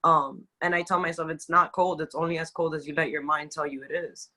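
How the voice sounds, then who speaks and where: A woman's voice: low voice, fairly even intonation, brisk, sharp tone, low-quality recording. A woman from Cuba being coached, talking in a chatty way with many fillers. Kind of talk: casual chat.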